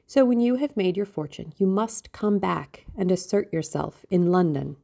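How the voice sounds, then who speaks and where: A woman's voice: fairly low pitch, expressive, moderate pace, gravelly, warm tone. A woman reading an audiobook voices a worried, theatrical middle-aged mother. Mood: affected. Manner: fretful, affected.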